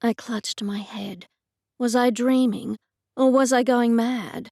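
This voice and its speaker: A woman's voice: fairly high pitch, steady tone, slow, a little mellow, dry recording. A woman narrating an audiobook in the first person, telling the story in a dry, exasperated way.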